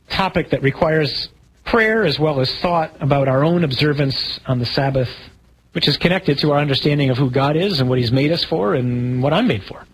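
A man, a priest, teaching a live audience in a relaxed, humorous way, asking questions and telling stories. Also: fairly high pitch, slight background noise, rough recording. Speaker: Catholic priest.

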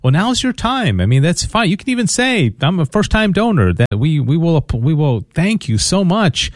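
A man's voice: on the high side, sing-song, moderate pace, no room sound. A man co-hosting a radio pledge drive, earnestly asking listeners to donate, often repeating and restarting his words. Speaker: radio fundraiser co-host.

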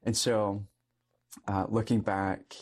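A young priest talks through a personal story in a relaxed, conversational way. He is earnest and laughs often, and his voice sits a little low. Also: slow, husky. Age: young adult. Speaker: Catholic priest.

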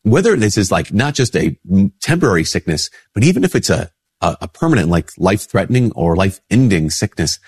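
A man's voice: sing-song, brisk, husky, no echo, clean studio sound. A man, a Catholic priest, giving a casual spoken reflection while a bit sick with a stuffy nose, acting out quoted replies in a lifted voice. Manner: conversational, acts out quoted replies in a higher voice.

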